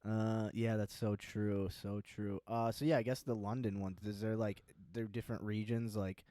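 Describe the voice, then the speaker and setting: A man co-hosting a casual chat, eagerly asking questions and agreeing with quick replies. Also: fairly low pitch, flat delivery, mellow, dry recording. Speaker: co-host. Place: studio.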